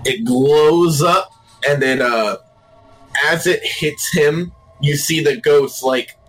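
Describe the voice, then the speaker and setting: Husky-voiced man playing a tabletop game. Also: on the high side, slow, a bit bright, soft background music, low-quality recording. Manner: casual, adds playful sound effects. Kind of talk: casual game chat.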